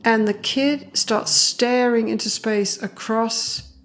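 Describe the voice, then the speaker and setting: Animated woman psychologist telling stories. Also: fairly high pitch, takes it slowly. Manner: animated, acts out quoted voices, laughs often. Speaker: clinical psychologist guest. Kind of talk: conversational interview storytelling.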